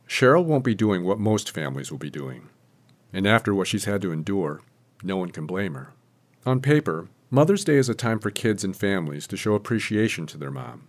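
Low-voiced male radio reporter. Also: lively intonation, normal speed. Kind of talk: scripted news narration.

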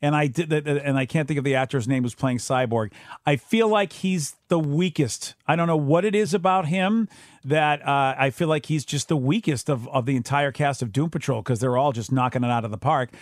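A man co-hosting a casual podcast chat, his voice pitched a touch high. He rambles and hesitates, restarting sentences as he goes. The sound is dry and close, with no room in it. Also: a little fast, no room sound. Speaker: podcast co-host.

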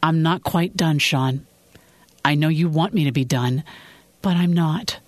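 A woman's voice: sits low, a little slow, dry recording. A woman voicing a determined wife who pleads with her husband in earnest in a fiction reading. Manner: earnest, apologetic, resolute. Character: determined young wife, private investigator. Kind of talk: audiobook-style fiction reading.

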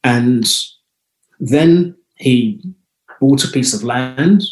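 A man speaks as an interview guest, unfolding personal anecdotes in a reflective, unhurried way. His voice sits at an ordinary middle pitch. The recording carries a roomy echo around him. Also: lively intonation, darkish tone. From United Kingdom. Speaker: guest, holistic health clinic founder. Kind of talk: conversational interview storytelling.

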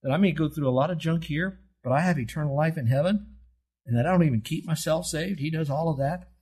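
An older man preaches an animated sermon, his voice a little husky. He asks his listeners questions and answers them himself, leaning hard on key words. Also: on the high side, fast talker. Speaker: pastor.

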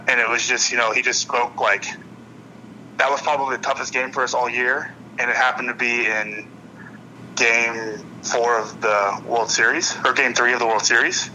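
Young guy guest, super bright voice, rambly, lots of "like" and restarts. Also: medium pitch, slight background noise, low-quality recording. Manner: rambling, many restarts and fillers. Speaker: guest, professional baseball player. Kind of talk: casual interview conversation.

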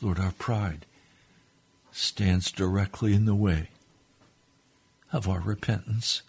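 A man's voice: sits low, takes it slowly, darkish tone, husky. A man preaching on a radio broadcast, leading a fervent, pleading prayer that swells and drops. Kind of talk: sermon prayer.

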